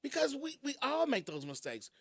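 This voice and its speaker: A man's voice: very high-pitched, normal speed, gravelly, no echo, clean studio sound. A man from Kentucky hosting a live radio show, telling stories casually and laughing often. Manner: animated storytelling, laughs often. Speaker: radio host. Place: radio studio. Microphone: studio mic.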